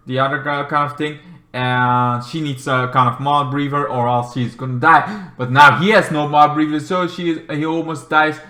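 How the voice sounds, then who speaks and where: A man recapping a video game in a rambling, excitable way, swearing often and acting out the characters in big voices. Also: a little high, reverberant. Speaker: game reviewer.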